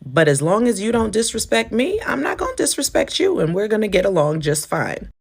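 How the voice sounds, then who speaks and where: A woman's voice: mid-range voice, a little fast, creaky, husky. A woman healthcare provider casually telling a story to camera, acting out each line of the dialogue. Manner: lively, acts out the dialogue.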